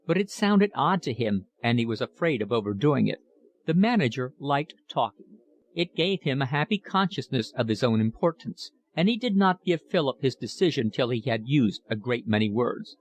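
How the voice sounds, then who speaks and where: A man narrating an audiobook of a classic novel in a measured, even reading. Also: medium pitch, dry recording. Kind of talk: scripted narration.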